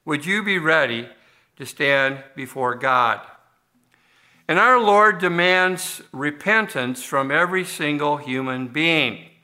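Bright-voiced male pastor preaching. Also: fairly high pitch, takes it slowly. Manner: conversational, with many restarts and fillers. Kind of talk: sermon. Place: church.

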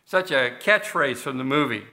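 A man's voice: mid-range voice, animated, moderate pace, bright, forceful tone. A man preaching a sermon as pastor of a church, talking conversationally with frequent restarts and fillers.

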